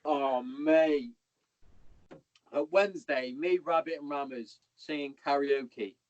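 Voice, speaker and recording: A man's voice: on the high side, slow pace, no room sound. Sweary man telling stories. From Hereford, England. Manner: rambling anecdotes, heavy swearing, calls listener "mate". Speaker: podcast guest, ex-serviceman. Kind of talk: casual chat. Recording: dull lo-fi podcast audio.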